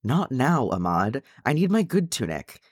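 A rash young dwarf, hot-tempered and agitated, his pitch jumping up and down, as a man reading the story puts him on. Close, dry recording. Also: very animated, unhurried, dry recording. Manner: agitated, loud.

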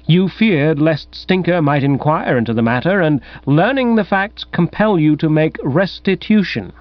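A man narrating a comic first-person story in a wry, animated storytelling manner. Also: fairly high pitch, normal speed, no room sound. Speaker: audiobook narrator. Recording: dull, dry recording.

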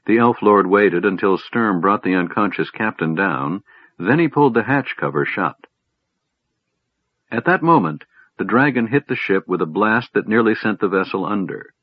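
A man narrating a fantasy story in a measured, dramatic reading, in a dull lo-fi recording. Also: deep voice, breathy edge, dry recording. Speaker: audiobook narrator.

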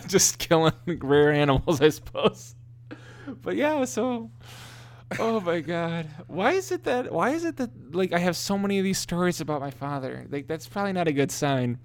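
A podcast co-host with a high voice tells funny family stories at a moderate pace in a casual chat. He's an animated storyteller who laughs often and keeps restarting his sentences.

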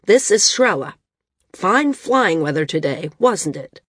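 A woman's voice: on the low side, sing-song, measured pace, fairly bright tone, husky, no room sound, studio quality, full character voice. A woman voicing a bitter young male outcast who answers with cold scorn. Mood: forced cheer.

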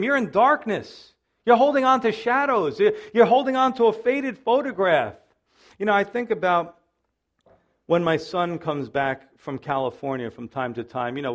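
A middle-aged man preaching a sermon as pastor, animated and acting out the voices of people he quotes, with self-deprecating humor. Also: sits high. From Italian-American background.

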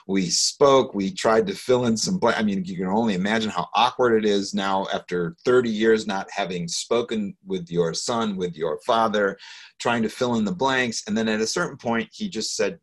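Speaking over a video call, a middle-aged guest recounts a personal story in an interview. His voice is low, husky, and moderately paced, and he comes across as earnest yet hesitant, restarting sentences and letting out soft laughs.

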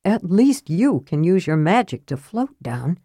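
A blunt, grumbling young warrior with a plain, casual way of talking, as a woman voices him. The voice is low and unpolished, set in a dry, close audiobook recording. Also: very animated, a little slow, mellow, husky, no echo, full character voice. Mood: gruff. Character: gruff, worried big young warrior.

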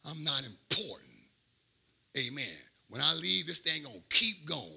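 A middle-aged man, a pastor, preaching a sermon in a rhythmic cadence that swings from quiet asides to shouted peaks. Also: fairly high pitch, expressive, measured pace, vocal fry, husky.

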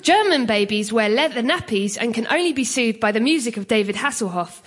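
A woman on a comedy panel show, reading a comic lecture in a deadpan, jokey way. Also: fairly high pitch, brisk.

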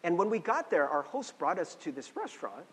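A man in his forties teaching a class in a conversational lecture style, often checking in with a quick "right?". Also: a little high, sing-song, slightly rough. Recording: long hall reverb.

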